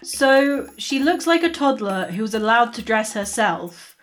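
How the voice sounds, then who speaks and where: A woman player in a tabletop game, speaking casually and unhurried. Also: on the high side, animated.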